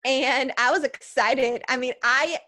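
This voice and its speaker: A woman guest on a faith podcast, telling her story in a lively way, acting out her past thoughts and often asking 'right?'. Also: high voice, a little slow, no echo, studio quality. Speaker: podcast guest, preacher and speaker.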